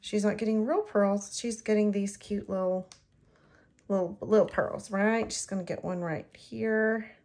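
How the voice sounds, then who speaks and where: A middle-aged woman, chatting to herself and the viewer in an excitable way while she shows how to make a card. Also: medium pitch, unhurried. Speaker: card-making demonstrator. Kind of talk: casual crafting tutorial.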